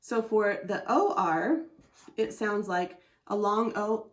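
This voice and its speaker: A woman's voice: mid-range voice, measured pace. A woman teaching a phonics lesson, patiently sounding out letters and syllables as she explains a chart. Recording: echoey room.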